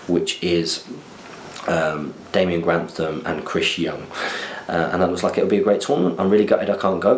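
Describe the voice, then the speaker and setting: A man's voice: sits low, echoey room, a little hiss or hum. A young man from southern England hosting a podcast, chatting casually in a rambling, self-deprecating way. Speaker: podcast host. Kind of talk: casual chat.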